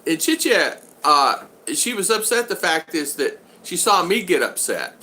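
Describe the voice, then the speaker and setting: Older man, bright rambling chat. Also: a little high, big pitch swings, unhurried. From United States. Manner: rambling, reads out viewer comments. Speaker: vlog host. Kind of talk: casual live-stream chat.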